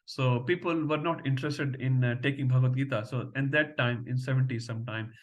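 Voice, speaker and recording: A man's voice: mid-range voice, steady tone, a little fast, muffled recording. A middle-aged man teaching a devotional scripture class, telling stories and often checking in with a questioning "huh?".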